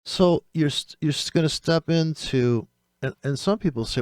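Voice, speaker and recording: A man's voice: on the high side, lively intonation, darkish tone, no echo, studio quality. A man hosting a trading channel, ranting with exasperation and swearing freely as he picks apart other traders' videos. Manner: exasperated, profane, rapid-fire rant.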